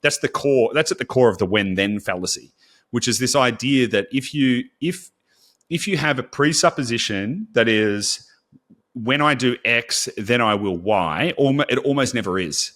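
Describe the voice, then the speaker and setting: A man co-hosting a podcast in a casual, blunt, animated way, swearing freely. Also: mid-range voice, moderate pace. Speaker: podcast co-host.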